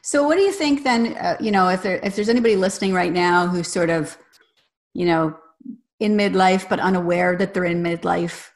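A woman's voice: fairly low pitch, moderate pace. Host: woman, reflective and affirming interviewer. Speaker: podcast host. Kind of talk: podcast interview.

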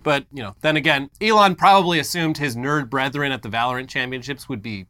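Sarcastic bright-voiced tech news man. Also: mid-range voice. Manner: sarcastic, explanatory, quick quips. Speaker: news show co-host. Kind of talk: casual tech news banter.

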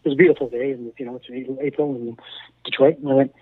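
A man's voice: medium pitch, fast, dry recording. A man, a former hockey coach turned broadcaster, telling stories in a radio interview with lots of repeated words and acted-out dialogue. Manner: animated storyteller, repeats words, acts out quoted dialogue. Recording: tinny phone line, dry.

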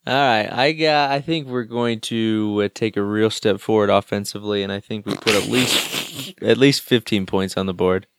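A man's voice: on the low side, normal speed, fairly bright tone, clear, resonant tone. A man co-hosting a casual sports talk show, ranting with dry sarcastic jokes. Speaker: co-host.

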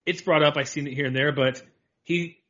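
A man co-hosting a podcast, talking sports in a rambling, animated way and laughing often. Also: fairly high pitch, fairly quick. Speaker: podcast co-host. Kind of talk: casual sports chat. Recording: dull lo-fi audio.

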